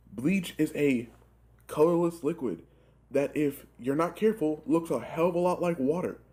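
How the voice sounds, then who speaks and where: A young man in his twenties telling a rambling, profane work story in a casual, animated way, full of filler words. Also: a little high. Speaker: gaming channel host telling a story.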